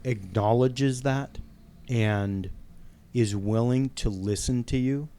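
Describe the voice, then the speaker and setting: A man hosting a podcast, speaking in a slow, supportive way in casual chat. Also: mid-range voice, dark tone. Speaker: podcast host.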